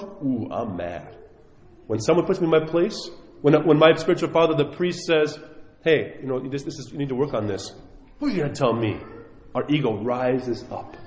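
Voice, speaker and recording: A man's voice: on the high side, a little mellow. A man giving a sermon, telling stories animatedly and acting out the voices he quotes. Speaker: preacher. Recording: echoey hall, dull lo-fi sound.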